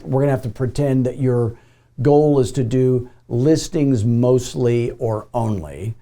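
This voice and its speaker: A man's voice: mid-range voice, a little slow, dark tone. A middle-aged man coaching real estate agents in a casual, anecdotal way, acting out the dialogue of his stories. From Phoenix, Arizona. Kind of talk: motivational video talk with storytelling.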